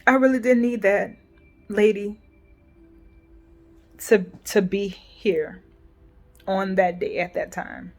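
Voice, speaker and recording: A woman in her forties talking through a painful family rift in a personal vlog, emotional and halting, often restarting and trailing off softly. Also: mid-range voice.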